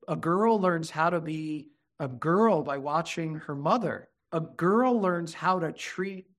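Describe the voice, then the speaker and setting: A man with a somewhat high voice talks earnestly as a therapist guest in an interview. When he acts out what he tells children, he goes soft and soothing. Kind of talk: conversational interview.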